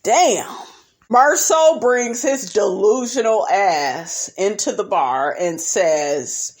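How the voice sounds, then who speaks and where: A woman's voice: medium pitch, animated, slow. A woman giving a blunt, brash and profane commentary on a reality TV episode, often breaking into laughter. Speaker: reality show recap vlogger.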